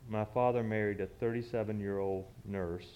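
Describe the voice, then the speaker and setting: A man's voice: fairly low pitch, fairly even intonation, moderate pace, dull audio. A man, telling a personal story from the pulpit in a conversational, reminiscing way with frequent restarts. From southern United States. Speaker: church speaker.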